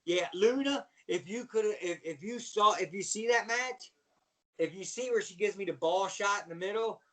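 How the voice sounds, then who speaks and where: A middle-aged man, a former wrestler, telling animated stories as a podcast guest and acting out the voices of the people in them. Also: high voice, moderate pace. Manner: animated storyteller acting out voices, yelling and laughing. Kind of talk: storytelling on a podcast.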